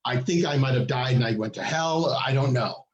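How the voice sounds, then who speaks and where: A man's voice: fairly quick, highs cut off. A man co-hosting a podcast, telling a story in casual chat and acting out the people in it with big swings in his voice. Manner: animated, acts out quoted people with big pitch jumps. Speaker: podcast co-host. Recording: echoey room.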